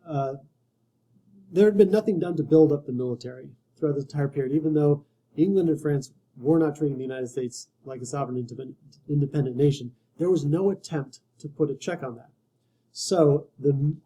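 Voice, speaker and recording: Man teaching history, dark and wry. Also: on the high side, low-quality recording. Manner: conversational and wry, with frequent restarts. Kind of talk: casual recorded lecture.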